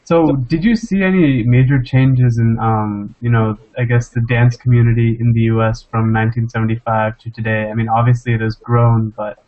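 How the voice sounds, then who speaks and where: A man's voice: medium pitch, steady tone, normal speed, few pauses. A man interviewing a guest, asking questions with hesitant starts and fillers. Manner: hesitant, many ums and restarts. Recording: dull lo-fi recording.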